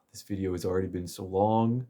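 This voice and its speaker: In a warm, low-sitting voice, a game story commentator loosely goes over a chapter of the plot. He rambles, laughs softly, and fills his talk with fillers.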